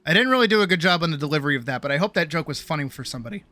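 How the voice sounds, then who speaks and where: Woman streamer, casual chat, profane, self-mocking, very lively pitch, faint music. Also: rapid-fire.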